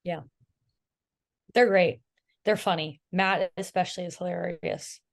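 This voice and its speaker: A woman's voice: lowish voice, a little slow, vocal fry. A young woman guesting on a podcast, chatting casually and telling stories animatedly, quoting others in mimicking voices. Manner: animated storytelling, imitates others, laughs. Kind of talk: casual chat.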